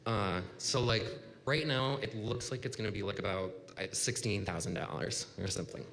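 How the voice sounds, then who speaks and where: In a bar with a live audience, a thirties-aged man tells a rambling personal story at a story slam, casually dropping "like" again and again. His voice is low, gravelly, and a bit bright at normal speed, with room reverb and faint noise.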